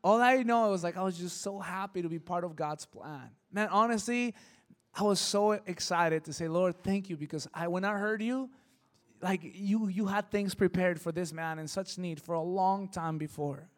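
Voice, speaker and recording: A man from Mexico preaching, telling personal stories in a lively, emotional way that swings from hushed to loud. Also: high voice, normal speed. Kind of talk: sermon storytelling.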